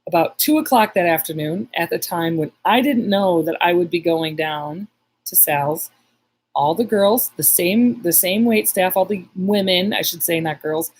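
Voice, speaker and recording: A woman's voice: fairly low pitch, moderate pace, husky, poor audio. A woman psychic medium telling a story in a casual live stream, rambling with many restarts and reading viewer comments aloud.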